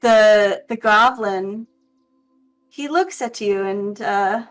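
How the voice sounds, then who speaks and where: A woman runs a tabletop game and narrates at a slow, halting pace, pausing often to find her words. She speaks at a middle pitch, with faint background music. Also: low-quality recording. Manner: slow and hesitant, with many ums. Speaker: dungeon master.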